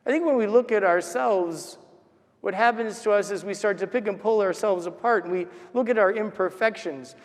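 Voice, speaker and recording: A man's voice: sits high, normal speed. A man preaching a sermon as a priest, telling stories and acting out the voices he quotes. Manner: storytelling, acts out the voices he quotes. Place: large church. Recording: long church reverb.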